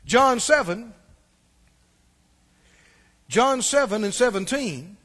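A man preaching a sermon, telling stories and swinging between loud passages and hushed ones. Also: extremely high pitch, expressive, slow, long reverb tail. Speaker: pastor.

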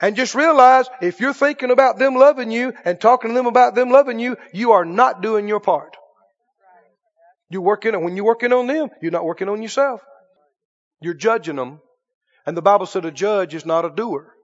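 High-voiced preaching man in a reverberant church. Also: moderate pace, dull audio. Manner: emphatic preaching with call-and-response questions. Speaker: pastor. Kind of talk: sermon. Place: church sanctuary.

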